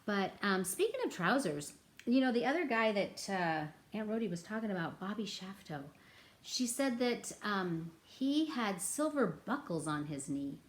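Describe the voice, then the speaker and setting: A woman's voice: mid-range voice, big pitch swings, normal speed. A woman teaching a children's music lesson, chatting playfully to the kids and breaking into sing-along nursery rhymes. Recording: echoey room with ukulele.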